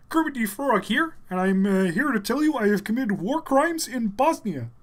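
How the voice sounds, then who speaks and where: A man's voice: lively intonation, unhurried, a bit bright, full character voice. A man on a live stream doing an impression of a cheerful, nasal male frog puppet. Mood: goofy. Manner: strained high nasal impression.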